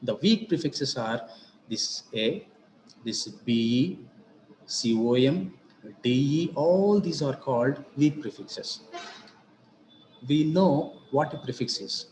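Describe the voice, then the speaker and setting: A man giving a grammar lesson as a teacher, explaining each point deliberately, repeating himself and spelling out examples. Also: mid-range voice, expressive, darkish tone, a little hiss or hum. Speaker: English teacher. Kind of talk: slow explanatory grammar lecture. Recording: roomy echo with faint ambience.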